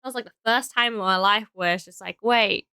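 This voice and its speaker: A woman's voice: mid-range voice, fast, pushed and bright, clear, resonant tone, dry recording, clean studio sound. A young Australian woman streaming casually, tired and rambling as she thinks aloud while building.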